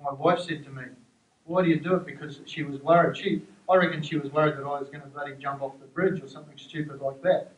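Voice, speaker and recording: A man's voice: fairly high pitch, steady tone, fast talker, muffled recording. A man, a former teammate speaking earnestly and ruefully to a group. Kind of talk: speech to a group. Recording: echoey room.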